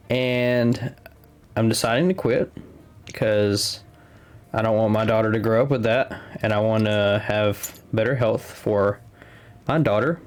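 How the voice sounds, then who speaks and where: Man, stream co-host, casual and chatty, jokes easily. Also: fairly low pitch. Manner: chatty, joking, open about his life. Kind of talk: casual live-stream commentary.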